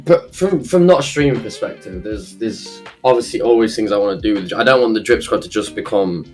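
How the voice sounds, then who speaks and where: Chatty Midlands-accented guest, lowish voice. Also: male voice, expressive, a little fast, soft background music. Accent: English Midlands. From Nottingham, England. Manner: chatty, many fillers like "like" and "you know". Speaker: guest streamer. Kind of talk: casual streamed chat.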